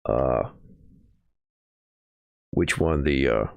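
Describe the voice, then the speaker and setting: A man's voice: extremely low pitch, drawn-out words, gravelly, darkish tone, dry recording, highs cut off. A man streaming from home, reading news headlines and adding rambling, sarcastic asides. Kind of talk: casual livestream commentary.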